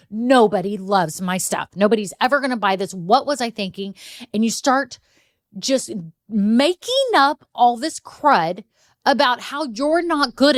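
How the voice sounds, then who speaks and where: A woman's voice: medium pitch, dry recording, clean studio sound. A middle-aged woman hosting a solo coaching podcast, talking directly and chattily to listeners with encouragement. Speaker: podcast host and business coach.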